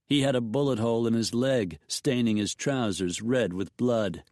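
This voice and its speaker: A man narrating a western audiobook in an even storytelling voice, with mild voicing of the characters. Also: medium pitch, normal speed, few pauses, no room sound, studio quality.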